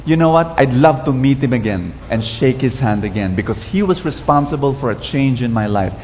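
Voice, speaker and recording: A man's voice: mid-range voice, lively intonation, brisk, a little hiss or hum. A man preaching a sermon to a congregation, telling stories and asking them to repeat after him. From Philippines. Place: church hall with congregation. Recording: dull echoey hall recording.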